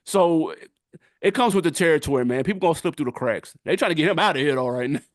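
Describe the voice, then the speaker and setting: A middle-aged man co-hosting a podcast, talking in casual, animated chat full of street slang and quick laughs. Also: fairly high pitch, dry recording, studio quality. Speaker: podcast co-host.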